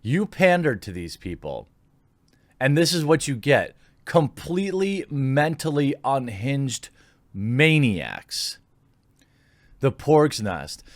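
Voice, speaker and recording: Man, mid-pitched voice, indignant opinion commentary, dry recording. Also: very animated, slow, no room sound. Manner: sarcastic, indignant. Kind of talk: opinionated commentary reading posts aloud.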